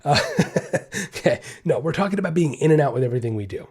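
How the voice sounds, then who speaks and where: Animated husky-voiced male podcast host. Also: fairly high pitch, fast. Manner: animated, repeats points, asks "right?" and "okay?". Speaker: podcast host and dog trainer. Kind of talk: casual instructional podcast talk.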